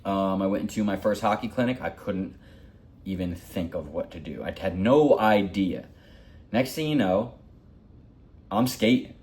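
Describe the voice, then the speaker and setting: Low-voiced man in his forties. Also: expressive, a little slow, pauses often, a little mellow. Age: 40s. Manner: rambling, heartfelt, repeats himself. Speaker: hockey vlogger. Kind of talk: personal storytelling.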